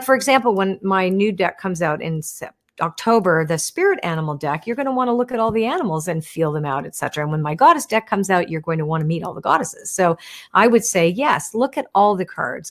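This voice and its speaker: A woman hosting a live stream, chatting as she answers viewer questions about oracle cards, explaining gently with lots of "right?" and "you wanna.". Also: mid-range voice, animated, a little fast.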